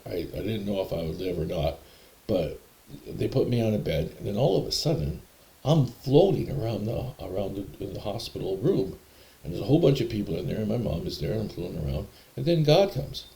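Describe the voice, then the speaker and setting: Gravelly low-voiced man telling stories. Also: mellow. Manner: rambling, hesitant, conversational. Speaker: storyteller. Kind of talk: personal storytelling.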